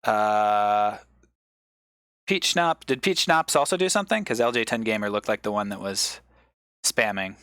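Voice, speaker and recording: A man's voice: lowish voice, measured pace, clear, resonant tone, dry recording. Dry-sounding rambling comedian man lecturing. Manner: rambling explainer with excited bursts. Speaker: comedian streamer. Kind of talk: improvised mock lecture on a live stream.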